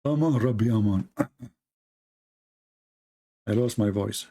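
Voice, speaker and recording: A man's voice: lowish voice, slow pace, warm tone. Sarcastic man joking in a rambling monologue. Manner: sarcastic, joking, laughs at his own jokes; rambling with frequent restarts and fillers. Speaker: online show host. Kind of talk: casual mocking commentary.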